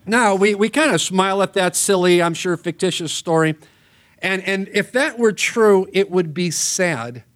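A middle-aged man preaching a sermon in a chapel, conversational and storytelling with wry asides. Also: high-pitched.

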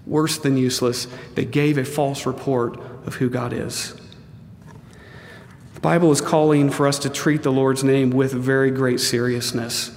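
A middle-aged man delivers a sermon with earnest emphasis, his voice sitting somewhat high for a man. He acts out the quotes he tells and slips in humor. A long hall reverb trails behind his words. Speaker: pastor.

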